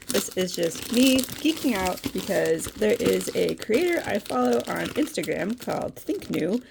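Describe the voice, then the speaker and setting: A woman chatting casually as she unboxes purchases, giddy and excitable, breaking into laughs and squeals. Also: mid-range voice, normal speed, gravelly. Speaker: card artist unboxing purchases. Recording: noisy with crinkling packaging.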